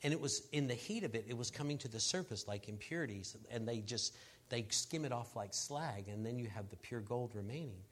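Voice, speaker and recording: Earnest man telling a halting story. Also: medium pitch, expressive. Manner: laughs at himself while telling the story. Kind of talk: personal testimony on a panel.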